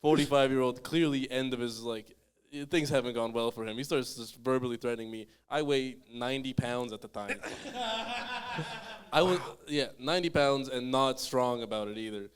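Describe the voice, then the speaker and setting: A man's voice: mid-range voice, moderate pace, clear, resonant tone. A young man, a comedian on a panel show, telling a rambling, self-mocking story full of restarts.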